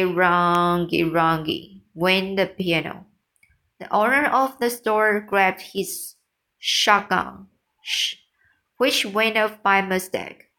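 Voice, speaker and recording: A woman reading a children's novel aloud, slow and halting, often stumbling and restarting words. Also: medium pitch, pushed and bright, low-quality recording. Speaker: reader.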